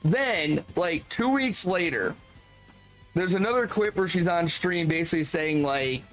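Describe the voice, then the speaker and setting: A man with a fairly high voice talks into his streaming mic, ranting in exasperation. He swears freely and fills his sentences with "like." Soft music plays faintly underneath. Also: animated, measured pace, poor audio. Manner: exasperated, profane ranting with many "like" fillers. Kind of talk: casual stream commentary.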